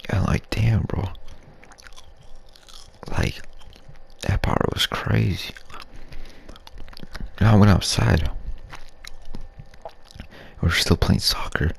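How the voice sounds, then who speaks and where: A man's voice: slow pace, pauses often, slight background noise. A young man telling a crude, rambling ASMR story in slangy street talk, half whispered. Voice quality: low gravelly breathy voice. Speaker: YouTube storyteller.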